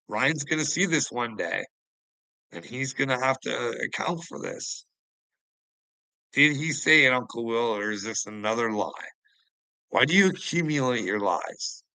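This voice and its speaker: A man's voice: mid-range voice, animated, unhurried, sharp tone, dry recording, rough recording. A man delivering a profane, confrontational vlog rant, taunting the people he addresses. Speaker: online commentator. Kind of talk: ranting vlog monologue.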